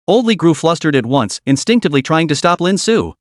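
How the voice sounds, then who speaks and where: Male recap narrator, lively, slightly high voice, dry close read. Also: a little fast, few pauses, no room sound. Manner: dramatic, steady storytelling. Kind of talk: scripted story narration.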